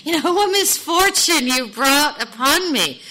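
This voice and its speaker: A woman's voice: medium pitch, normal speed, bright, forceful tone, lightly acted. A woman voicing a poor, desperate man who pleads and laments as she reads a story aloud in a talk. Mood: distraught.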